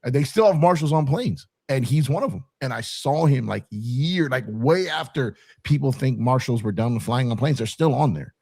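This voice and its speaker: A man telling a profane, animated story in casual podcast talk. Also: mid-range voice, moderate pace, gravelly, few pauses, breathy edge, no room sound, studio quality. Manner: animated, profane, acts out quotes. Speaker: podcast co-host.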